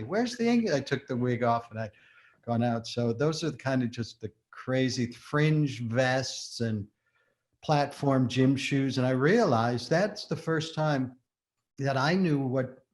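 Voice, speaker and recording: An older man, a guest in a casual interview, telling stories in an animated way with frequent laughter. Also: medium pitch. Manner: animated storyteller, laughs often. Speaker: guest, shoemaker and former performer.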